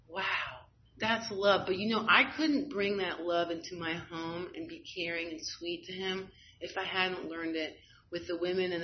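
A woman's voice: lowish voice, slight background noise. A woman giving a candid, self-deprecating personal testimony at a recovery meeting, often laughing at herself. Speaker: speaker sharing at a recovery meeting. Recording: slightly dull, lo-fi recording.

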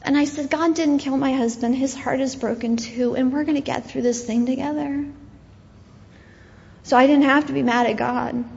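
A grieving woman tells her story earnestly as a guest speaker, her voice sitting a little high. The sound is somewhat dull and muffled. A long reverb trails off behind her in a large hall. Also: fairly even intonation, normal speed, creaky, darkish tone. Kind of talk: personal testimony talk.

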